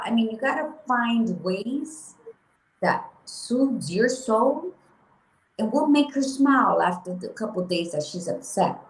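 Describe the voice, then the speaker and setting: A woman co-hosting a laid-back motivational talk, blunt and lively, swearing freely. Her voice sits a little low, and the room has a noticeable echo. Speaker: podcast co-host. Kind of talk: casual motivational chat.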